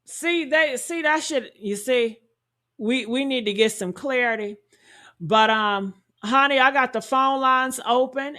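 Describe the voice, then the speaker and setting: A woman talks through a true-crime story in a high voice at an unhurried pace. She leans on rhetorical questions and speaks to her audience as honey and y'all. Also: bright, forceful tone. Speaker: commentary host. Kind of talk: true-crime commentary to viewers.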